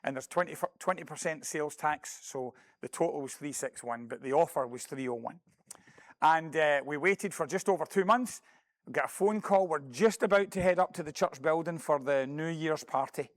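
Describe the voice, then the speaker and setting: A man's voice: a little high, moderate pace, no echo. A middle-aged man giving a mission report to a congregation, telling a story and acting out phone calls with earnest, self-deprecating asides. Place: church building.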